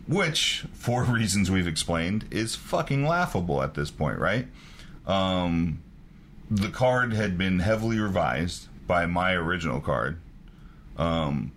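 A man's voice: deep voice, a little hiss or hum. A man, a wrestling promoter telling a story in a casual chat, swearing often and laughing as he talks. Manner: profane, laughing, animated storyteller. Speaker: wrestling promoter, podcast co-host.

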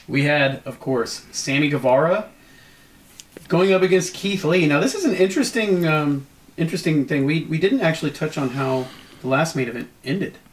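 A man's voice: fairly high pitch, lively intonation, normal speed, slight background noise. A young man co-hosting a casual wrestling show, talking over old match footage and often repeating his words. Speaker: wrestling promotion co-host.

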